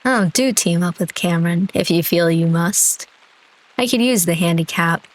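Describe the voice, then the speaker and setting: A woman voicing a cool, taunting young female rival who speaks in a smug, measured way. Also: lowish voice, natural voice, low-quality recording.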